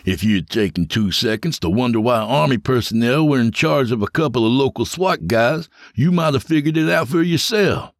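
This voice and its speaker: A man's voice: medium pitch, normal speed, few pauses, no echo, clean studio sound, pitched above the performer's own voice, lightly acted. A man voicing a smug, menacing male security chief who mocks and orders people around. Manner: taunting, mocking, commanding. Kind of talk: audio drama narration.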